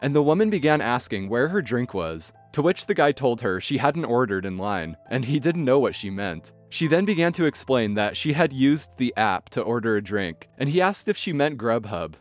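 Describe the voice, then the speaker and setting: A man narrating online stories in an expressive, scripted storytelling manner. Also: medium pitch, normal speed, few pauses. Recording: faint background music. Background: faint music.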